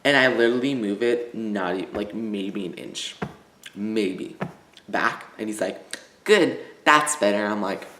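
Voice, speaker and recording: A man's voice: lowish voice, steady tone, unhurried, a bit bright. Rambling teenage boy in an echoey room. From Illinois, US. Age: teens. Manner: rambling, filler-heavy, full of "like". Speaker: vlogger. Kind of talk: casual storytelling vlog.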